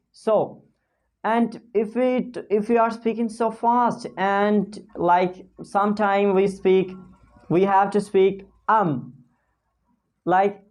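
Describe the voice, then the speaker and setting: Slow, drilling woman teacher. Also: medium pitch, a little mellow. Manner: slow, repeats model phrases for drill; many fillers and restarts, non-native phrasing. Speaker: English pronunciation teacher. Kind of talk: casual spoken lesson to camera.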